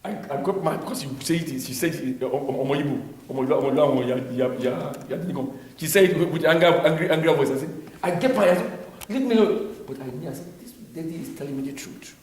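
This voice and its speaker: A middle-aged man with a Nigerian accent teaching the Bible in a church, talking haltingly with many repeated words. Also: a little high, a little mellow. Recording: very echoey room, faint noise.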